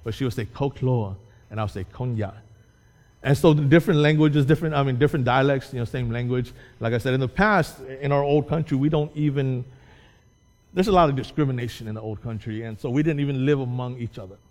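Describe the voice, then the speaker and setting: A man's voice: medium pitch, fast, a little mellow. Man speaking in an echoing hall. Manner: repeats and restarts words, explains patiently. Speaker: Hmong pastor speaking to a church. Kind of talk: informal church talk. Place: church hall. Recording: long echo of a large hall.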